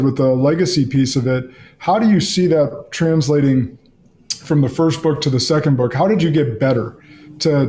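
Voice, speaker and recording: A man's voice: medium pitch, mellow, slight background noise. A man hosting a podcast, asking friendly, reflective questions in a conversational interview. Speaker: podcast host.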